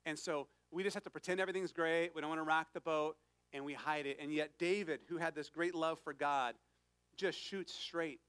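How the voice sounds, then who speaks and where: A man's voice: a little high, fairly even intonation, brisk, fairly bright tone, clean tone, no echo. A man preaching a sermon to his congregation, earnest and conversational, reading scripture with emphasis. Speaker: pastor.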